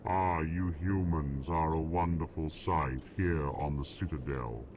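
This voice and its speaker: Game NPC: a huge formal alien envoy, extremely deep, very slow, faint hiss behind. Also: male voice, a little mellow. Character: large lumbering alien diplomat, male, formal. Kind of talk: video game dialogue.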